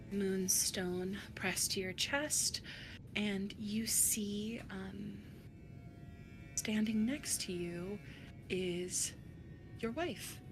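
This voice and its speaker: A woman running a tabletop game as dungeon master, narrating in a hushed voice that often drops to a whisper. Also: fairly low pitch.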